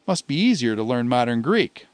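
A man's voice: mid-range voice, big pitch swings, normal speed, dry recording. A man teaching a lesson in a methodical way, explaining each point step by step. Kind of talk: recorded lecture.

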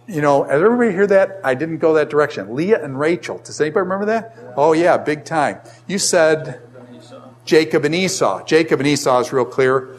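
An older man leads a casual Bible lesson, putting questions to the class and telling stories with animated energy. His voice runs a little high.

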